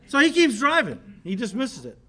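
High-voiced man preaching a sermon. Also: moderate pace. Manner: storytelling with animated shifts in volume, laughing. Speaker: pastor.

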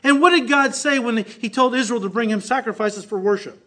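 A male pastor delivering a sermon, his voice high and bright. He is animated and acts out quoted voices with lifts in pitch. His delivery moves between quiet, lowered stretches and louder, raised ones. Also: a little fast.

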